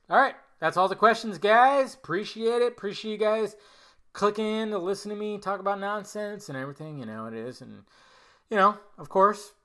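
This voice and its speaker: A man's voice: medium pitch, sharp tone. A man hosting a casual solo podcast, answering viewer questions in a rambling, blunt way, with casual swearing and trailing mutters. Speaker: podcast host.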